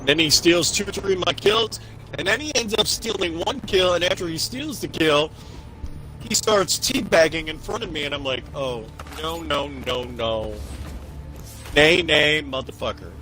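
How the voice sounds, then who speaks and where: A man casually telling a story with lots of swearing, acting out what each person said in an animated way. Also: high-pitched, normal speed, faint music behind, rough recording. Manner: profane, animated, acts out quotes. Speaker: podcast co-host.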